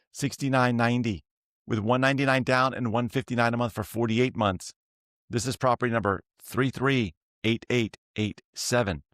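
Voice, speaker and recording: A man's voice: mid-range voice, a bit bright, dry recording, clean studio sound. A middle-aged man hosting a land sales show, reading prices and property numbers with chatty, joking asides. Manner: chatty, jokey storytelling between listings. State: tired. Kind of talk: casual sales pitch.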